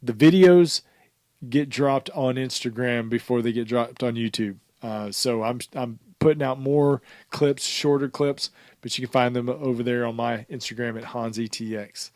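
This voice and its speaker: A man co-hosting a podcast, chatting casually and rambling with frequent fillers and quick laughs. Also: mid-range voice, a little mellow, no echo, studio quality. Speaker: podcast co-host.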